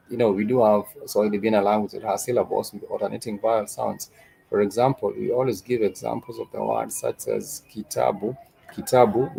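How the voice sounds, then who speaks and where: A man hosting a live stream, talking through news and then teaching a language lesson, with frequent filler "uh"s and slow, repetitive explanations. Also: fairly low pitch, gravelly, dark tone, breathy edge, poor audio. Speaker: host and Swahili teacher.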